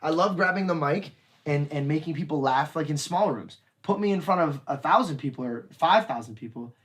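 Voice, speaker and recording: A man, a comedian guest on a podcast, telling stories in an animated way and putting on voices for the people in them. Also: fairly high pitch, a little fast. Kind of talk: storytelling podcast chat.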